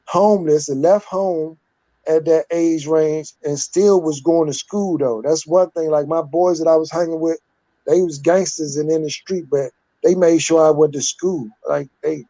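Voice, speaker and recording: A man's voice: on the high side, moderate pace, mellow, no echo, poor audio. A man in his fifties, a guest telling his life story candidly in a rambling, casual way. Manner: candid, rambling, street-talking with repeated "like".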